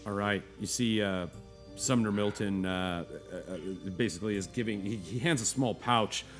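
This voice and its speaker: A man with a lowish voice narrates a tabletop game as its game master. He talks in loose, rambling bursts full of fillers and restarts. Soft music plays faintly behind him. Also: normal speed. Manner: rambling, full of fillers, jumps into high squeaky voices for children.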